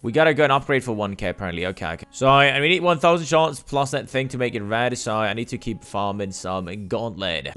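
A man giving casual gameplay commentary, explaining steps and getting loud and swearing when the game frustrates him. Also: mid-range voice, a little fast, few pauses, clear, resonant tone. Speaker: gameplay streamer.

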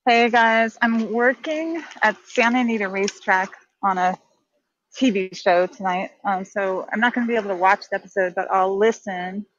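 A woman with a medium voice greets the group warmly and chats, heard through dry, slightly dull call audio. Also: medium pitch, normal speed, no echo. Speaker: guest on a podcast call. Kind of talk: casual group chat.

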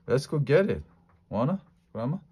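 A man voicing an excitable, bossy little girl in a storybook reading. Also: medium pitch, normal speed, slightly rough, voice pushed up. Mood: eager.

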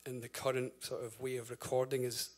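Male band frontman, 30s, mid-pitched, loose stage patter full of "um" and "like", casual cursing. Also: little pitch movement, brisk, darkish tone. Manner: chatty, full of fillers, swears and laughs. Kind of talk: rambling stage banter between songs. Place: live concert venue.

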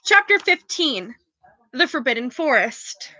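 A woman's voice: high-pitched, sing-song, measured pace, pushed and bright. A woman casually reading a novel aloud for a book club, often stumbling over words and correcting herself. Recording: dull, dry lo-fi recording.

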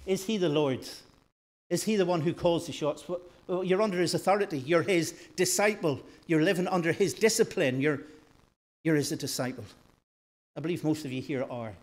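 A man preaching a sermon in a church, rising loud for emphasis and dropping soft and slow. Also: fairly high pitch. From northern Ireland.

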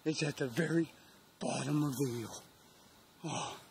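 A middle-aged man, out of breath and emotional, talking in a hushed, halting voice while hunting outdoors in the woods. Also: a little high, creaky, a little hiss or hum. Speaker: bow hunter. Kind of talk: hushed hunting vlog commentary.

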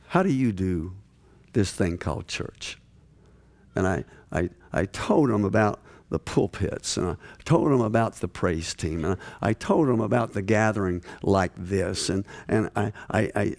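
A man preaching to a large gathering, telling stories with many restarts and swinging from hushed tones to shouts. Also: lowish voice, creaky. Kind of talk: sermon.

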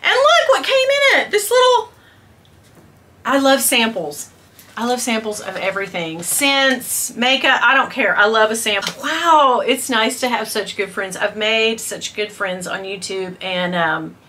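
Gushing woman in her fifties, lively. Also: on the high side, unhurried, a little hiss or hum. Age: 50s. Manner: gushing, squeals and gasps with delight, talks to viewers as girl and y'all. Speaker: beauty and fashion vlogger. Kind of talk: excited haul video chat.

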